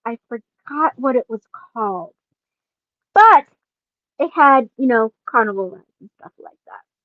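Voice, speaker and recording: A woman in her forties, a podcast host, casually telling a personal story with lots of laughing and animated asides. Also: fairly high pitch, measured pace, no room sound, narrow, tinny audio.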